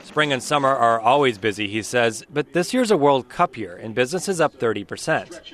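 A man with a mid-pitched voice narrates a radio news feature. He reads steadily and describes each scene plainly. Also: lively intonation, fairly quick, a bit bright, a little hiss or hum. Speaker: reporter. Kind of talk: scripted news report.

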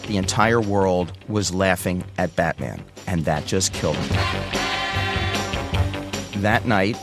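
Low-voiced older man telling a story. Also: slow, over music. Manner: animated, acts out the voices of people in his story. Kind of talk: personal storytelling to an audience.

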